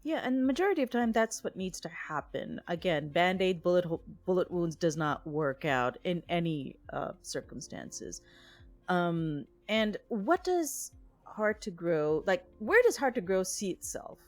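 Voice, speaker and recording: A woman's voice: fairly low pitch, very animated, a little slow, faint music behind. A woman hosting a podcast interview, asking questions in a hesitant way as she searches for words. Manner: hesitant, searching for words with fillers, brief backchannels. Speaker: podcast host.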